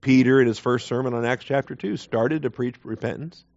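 A man's voice: medium pitch, fairly quick, a little mellow. A man teaching a Bible class in an emphatic way, repeating key phrases and putting rhetorical questions to his listeners. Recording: dull lo-fi recording.

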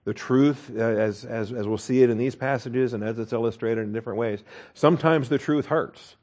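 A man's voice: mid-range voice, normal speed, a little mellow. A man preaching a conversational Bible-teaching sermon in church, reading verses aloud, explaining Greek words and often checking in with "okay?". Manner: folksy, chuckles at the text, frequent "okay?" checks with listeners. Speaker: pastor.

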